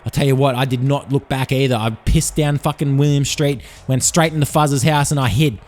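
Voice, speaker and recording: A man's voice: medium pitch, steady tone, brisk, a little mellow. An Australian man hosting a podcast, telling crude, profane tall tales in a rambling comic monologue. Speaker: podcast host.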